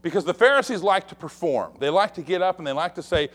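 Male pastor mid-sermon, high-pitched and lively, acts out the quotes. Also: quick pace. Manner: expressive preaching, acts out quoted voices.

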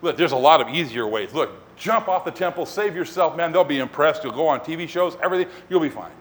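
A man's voice: fairly high pitch, lively intonation, fast, fairly bright tone, voice pushed down. A man preaching, voicing a male tempter who coaxes in a persuasive, wheedling way. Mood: coaxing.

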